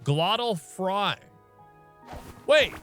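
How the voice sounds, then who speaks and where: A man's voice: high-pitched, very animated, extremely slow, a bit bright, soft background music. A man streaming a video game, chatting casually and thinking aloud while he plays, often firing off questions. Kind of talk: casual let's-play commentary.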